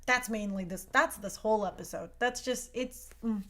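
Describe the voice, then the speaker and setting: A woman's voice: mid-range voice, normal speed, a bit bright. A young woman hosting a talk show, speaking in a passionate, emphatic casual monologue. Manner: impassioned, emphatic.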